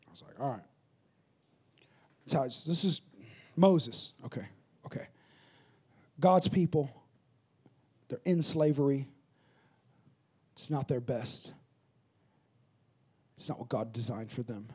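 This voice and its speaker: A man preaching a sermon to a congregation, telling funny stories and acting out voices in an animated way. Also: mid-range voice, unhurried, pauses often, breathy edge. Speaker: pastor. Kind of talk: sermon with storytelling.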